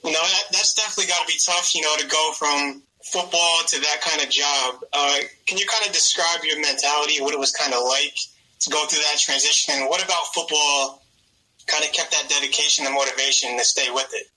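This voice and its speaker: A man's voice: on the high side, steady tone, fairly quick, bright, forceful tone, rough recording. A man co-hosting a radio show, asking a long question with many hesitations. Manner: hesitant, filler-heavy questioning. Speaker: radio co-host. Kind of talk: interview questions.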